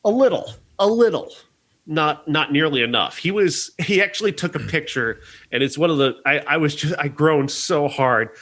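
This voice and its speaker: A man's voice: on the high side, lively intonation, normal speed, a bit bright. A man reviewing a documentary on a podcast, talking earnestly and rambling a little, with frequent restarts. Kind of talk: casual review chat.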